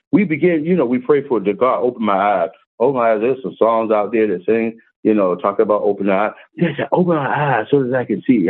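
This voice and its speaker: A man's voice: mid-range voice, dry recording. A man preaching an informal, folksy sermon, telling stories with many restarts and repeats. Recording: tinny phone-like line.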